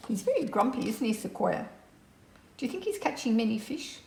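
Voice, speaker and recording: A woman reading a picture book aloud to a child at home, gentle and asking the child questions. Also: on the high side, sing-song, fairly quick, gravelly, roomy sound. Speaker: reader to a child.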